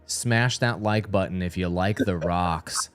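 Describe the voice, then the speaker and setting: A man hosting a game showcase livestream, joking loudly and mock-excited in casual banter with a guest. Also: low voice, a little slow, clear, resonant tone, faint music behind. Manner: loud, goofy, mock-excited. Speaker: host.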